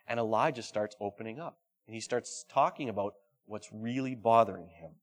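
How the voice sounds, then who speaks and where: A man preaching a sermon. He reads scripture aloud dramatically and keeps asking the congregation questions, swinging between loud and hushed delivery. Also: fairly low pitch, a little fast. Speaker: pastor.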